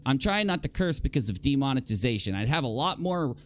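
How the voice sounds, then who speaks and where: A man's voice: medium pitch, big pitch swings, fairly quick, few pauses, soft background music. A man hosting a nightly live-stream talk show, reading viewer comments aloud and reacting in an exasperated, incredulous way. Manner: exasperated, incredulous, rambling with sighs and repeated exclamations. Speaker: podcast talk show host.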